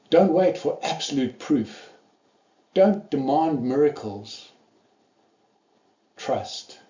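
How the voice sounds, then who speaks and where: A man's voice: medium pitch, mellow, roomy sound, muffled recording. A man preaching a sermon, telling the story earnestly and acting out the quoted lines.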